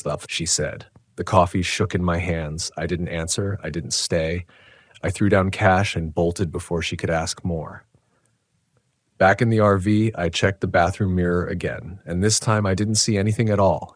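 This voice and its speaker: Male narrator, deep, dry booth sound, tense hushed horror storytelling. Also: dry recording.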